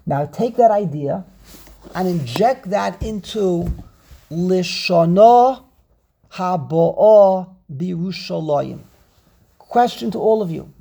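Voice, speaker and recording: A man leads an online scripture class over a video call, his voice slow, gravelly and husky. He stresses each point, repeats it and punctuates with "okay". The tone is dark and mellow. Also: high-pitched. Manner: emphatic, repeats key points, frequent "okay". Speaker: Torah teacher.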